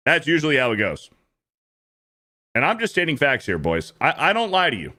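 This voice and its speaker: A man in his thirties holds forth on his stream, ranting about the clips he watches with lots of swearing and repetition. His pitch swings widely from low grumbles to high outbursts. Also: a little fast, pauses often. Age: 30s. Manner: animated, repetitive, profane ranting. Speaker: streamer host reacting to clips. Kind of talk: casual reaction commentary.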